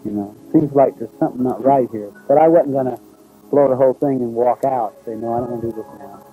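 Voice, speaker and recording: Man, very dark timbre, folksy first-person account over faint music. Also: mid-range voice, fast talker, rough recording. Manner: plain storytelling, folksy, acts out quoted speech. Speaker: witness recounting an experience.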